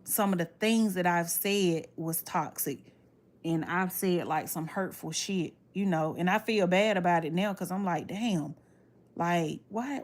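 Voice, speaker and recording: A woman, casually telling viewers a story in a blunt, animated way and swearing freely. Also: fairly low pitch. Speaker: livestreamer talking to viewers.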